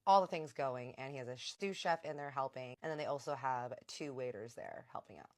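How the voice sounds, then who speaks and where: Chatty woman with a very low voice. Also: fairly quick. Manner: chatty, lots of quoting and slang. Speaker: vlogger. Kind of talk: casual storytime vlog.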